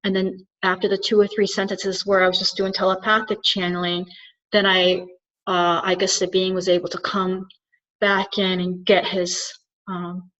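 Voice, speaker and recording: A woman's voice: medium pitch, little pitch movement, normal speed, a bit bright. A woman who works as a spiritual channeler, talking earnestly to the camera and thinking aloud as she goes. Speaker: spiritual channeler and soul coach. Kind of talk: reflective solo talk to camera. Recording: dull lo-fi recording.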